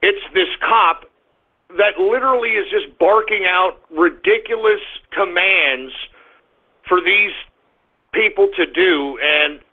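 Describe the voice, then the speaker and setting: A high-voiced man holds forth on his talk radio show, ranting and cursing and now and then breaking into loud outbursts. His voice comes through thin and tinny, like a phone line. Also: slow pace. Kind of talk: call-in talk radio monologue.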